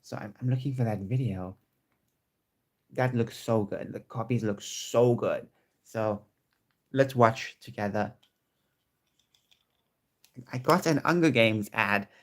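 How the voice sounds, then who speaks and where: Chatty, excitable man vlogging at home. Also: mid-range voice, slow, pauses often. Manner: chatty and excitable, with many restarts. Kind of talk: casual chat to camera. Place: home room with squeaky chairs.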